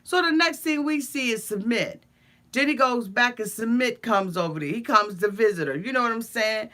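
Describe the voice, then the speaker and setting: A woman's voice: fairly high pitch, expressive, normal speed, a bit bright. A woman giving a blunt, profane, sassy comedic recap of a reality show, stammering through her asides.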